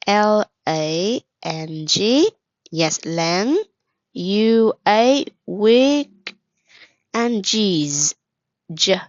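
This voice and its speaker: On lo-fi audio with no room sound, a woman of medium pitch leads an English lesson. She patiently asks questions, praises the answers, spells words out, and glosses vocabulary in Vietnamese, her mother tongue.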